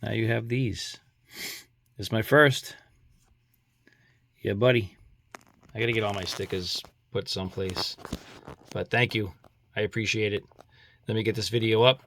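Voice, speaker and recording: A man's voice: on the low side, fairly even intonation, measured pace, vocal fry, long pauses, a bit bright. A man with a Boston accent, casually talking through a coin review, chatty and rambling with apologetic asides. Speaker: coin collector vlogger.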